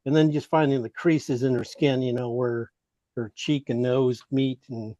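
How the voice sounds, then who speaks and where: A man's voice: mid-range voice, fairly even intonation, normal speed, dark tone, dry recording, muffled recording. A man teaching an online painting class, giving rambling, encouraging feedback full of fillers.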